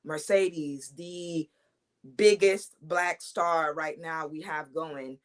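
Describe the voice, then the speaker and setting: Young woman wrestler, lower voice, confident trash talk, casual interview. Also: fairly even intonation, extremely slow. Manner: confident, trash-talking, with fillers and repeats. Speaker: wrestler and champion guest.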